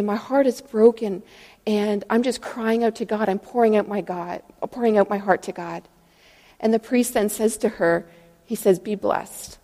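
A woman's voice: fairly high pitch, mellow. Woman preaching in a reverberant church. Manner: earnest, storytelling, acts out quoted voices. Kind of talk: sermon.

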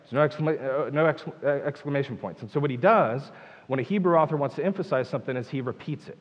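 A man's voice: medium pitch, fast talker, in a large hall, muffled recording. A man preaching a sermon, emphatic and full of rhetorical questions. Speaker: pastor.

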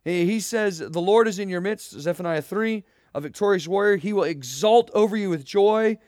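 A young man delivers a sermon in an earnest, emphatic way, firing rhetorical questions at his listeners. His voice sits fairly high for a man. The sound is dry and close, with little room around it. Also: moderate pace, darkish tone, dry recording. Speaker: pastor.

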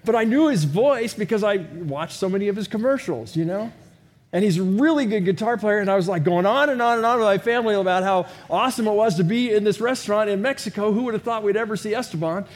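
A man's voice: sits high, fast talker. A middle-aged man preaching a sermon in a conversational way, full of rhetorical questions and self-deprecating humor. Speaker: pastor.

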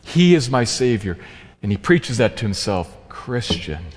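A man preaching a sermon in an earnest, emphatic way, slowing down to stress key phrases. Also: medium pitch, very animated. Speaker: pastor. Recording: long hall reverb.

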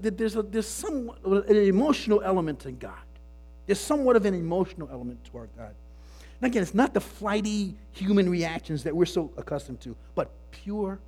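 A man's voice: sits high, darkish tone, breathy edge. A man preaching a sermon in an earnest way, often repeating words as he builds his points. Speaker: pastor.

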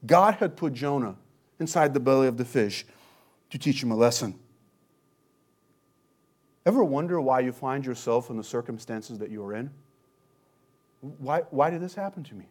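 A man preaching an expository sermon. He talks earnestly, rising loud on key points and dropping low and quiet after them. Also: expressive, normal speed, long pauses. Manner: earnest, swells loud then drops low for emphasis. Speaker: pastor.

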